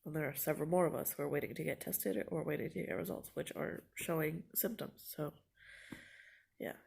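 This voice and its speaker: Young woman, congested and worn out, husky fry, halting and sighing, talking to her phone at home. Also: low-pitched, fairly even intonation. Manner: halting, sighing, soft and shaky. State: congested, tired and anxious. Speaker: vlogger. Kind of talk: casual vlog talk. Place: indoors at home, lying down. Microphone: phone camera held close.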